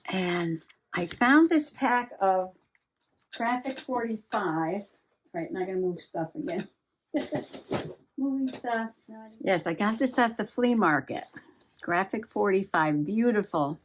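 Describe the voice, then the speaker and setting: Slow, chatty woman journaling. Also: medium pitch, expressive, slight background noise. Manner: chatty, talks to herself, frequent giggles. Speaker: journaling vlogger. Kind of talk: casual chat while crafting.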